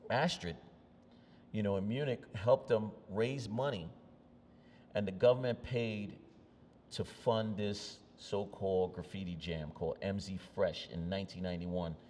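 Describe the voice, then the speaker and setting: A lower-voiced New York man, a graffiti artist on an outdoor panel, tells loose, streetwise stories and acts out the quotes. He sounds unhurried and a little mellow, with slight background noise and a long reverb from the large space.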